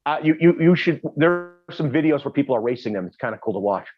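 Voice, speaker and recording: A man's voice: mid-range voice, lively intonation, quick pace, dry recording, dull audio, faint music behind. A man in a casual group chat who talks hesitantly and restarts his sentences often.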